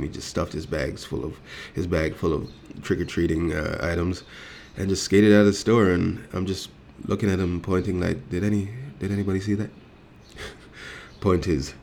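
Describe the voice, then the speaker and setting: Very deep, gravelly-voiced man with a swaggering, foul-mouthed storyteller delivery. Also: slight background noise. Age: adult. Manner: heated, profane, swaggering, acting out dialogue. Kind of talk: profane storytelling rant.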